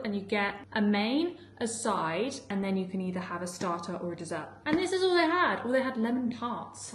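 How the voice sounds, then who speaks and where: Chatty woman in an echoey kitchen. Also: mid-range voice. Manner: chatty, peppered with "like", laughs often. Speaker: food vlogger. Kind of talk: casual chatty vlog while cooking. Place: home kitchen.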